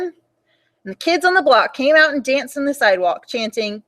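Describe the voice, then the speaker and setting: A young woman reading a picture book aloud for children at storytime, in an animated and expressive way. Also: a little high, normal speed.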